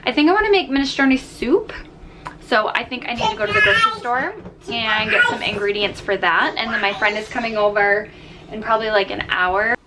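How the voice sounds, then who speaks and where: A woman filming a casual daily vlog at home, chatting to the camera and gently to her toddler. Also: a little high, expressive, fairly quick. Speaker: mom vlogger. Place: family home, indoors. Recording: noisy home camera recording.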